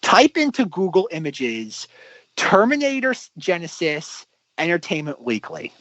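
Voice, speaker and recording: Animated, rambling male podcast co-host. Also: on the high side, measured pace. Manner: animated, rambling, acts out mock quotes. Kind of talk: casual film podcast chat. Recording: dull lo-fi dry podcast audio.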